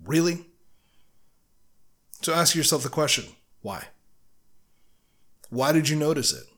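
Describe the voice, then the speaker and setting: A man's voice: fairly high pitch, big pitch swings, normal speed, fairly bright tone. Blunt, profane man reviewing a book. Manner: asks the listener rhetorical questions. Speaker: podcast host. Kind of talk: casual solo book review.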